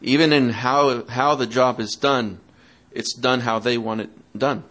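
A man's voice: medium pitch, fairly even intonation, a little slow, fairly bright tone. A man preaching to parents in a sermon, asking the audience questions and acting out excuses in a mocking tone. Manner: interactive, asks the audience questions; acts out quoted excuses in a mocking tone.

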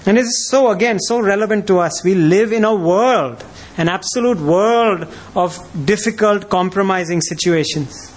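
A man preaches with a high voice for a man. He is emphatic and keeps firing rhetorical questions at his listeners. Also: moderate pace. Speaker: pastor. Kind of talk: sermon.

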